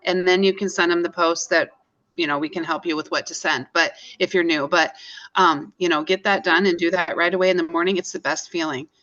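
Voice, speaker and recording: Low-voiced woman on dull audio. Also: steady tone, a little fast, fairly bright tone. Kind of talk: encouraging business advice.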